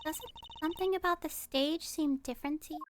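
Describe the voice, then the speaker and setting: A woman's voice: sits high, fairly quick, background noise, natural voice. A woman playing a bubbly teenage girl magician. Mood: curious. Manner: bubbly, blunt, playful. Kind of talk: fan voice acting of a game.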